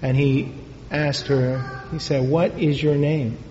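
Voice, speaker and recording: A man, a priest, telling a story in a sermon, in an unhurried, halting way with pauses and fillers. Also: a little high, steady tone, mellow. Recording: echoey hall, dull lo-fi sound.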